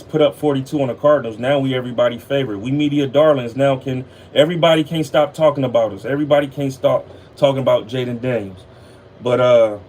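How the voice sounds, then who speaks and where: A man's voice: medium pitch, a little mellow. Man, sports talk host, laid-back, tired, profane, faint room hum.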